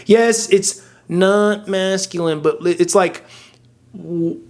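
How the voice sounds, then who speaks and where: High-voiced young man ranting bluntly. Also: unhurried. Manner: blunt and profane, emphatic with frequent restarts. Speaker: dating advice vlogger. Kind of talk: casual rant to camera. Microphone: camera mic.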